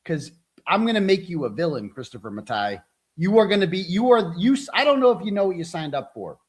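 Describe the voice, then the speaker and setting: A man's voice: high voice, sing-song, a little fast, husky. Profane, combative man ranting on a livestream. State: frustrated and overwhelmed. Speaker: livestream host. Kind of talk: angry livestream rant.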